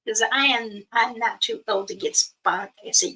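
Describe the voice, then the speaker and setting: A woman's voice: fairly high pitch, slow pace, pushed and bright, breathy edge. A middle-aged woman hosting a livestream, telling stories in a casual chat, acting out quoted dialogue and laughing often. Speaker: livestream host. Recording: voice a bit far from the mic.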